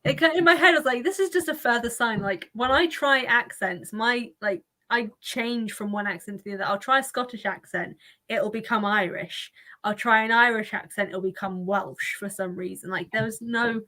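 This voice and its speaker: A woman's voice: on the high side, moderate pace, sharp tone. A woman hosting a casual livestream chat, rambling and laughing often. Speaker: livestream host.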